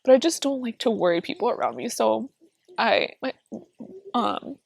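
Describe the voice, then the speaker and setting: Raspy young mom telling her story. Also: fairly high pitch, very animated, normal speed. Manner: candid, talks straight to viewers, many fillers. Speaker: family vlogger. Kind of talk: emotional personal storytime.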